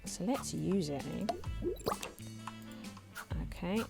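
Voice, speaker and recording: A woman hosting a let's play, chatting casually and thinking aloud as she builds, her voice slightly hoarse. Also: on the low side, takes it slowly, loud music behind the voice. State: slightly hoarse, clearing throat. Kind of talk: casual gameplay commentary.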